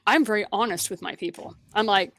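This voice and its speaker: A woman's voice: mid-range voice, brisk, a bit bright. A woman from Missouri, a guest entrepreneur in an interview, telling stories in a direct way and acting out the dialogue she quotes. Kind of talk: interview conversation.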